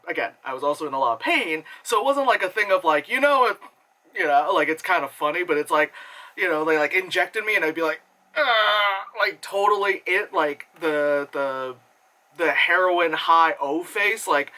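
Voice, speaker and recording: A casual movie reviewer rambles through a film breakdown, peppering every thought with fillers and swearing. The voice bounces up and down with lively pitch swings, and it has a bright, sharp edge. Laughter and quick impressions break in often. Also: low-quality recording.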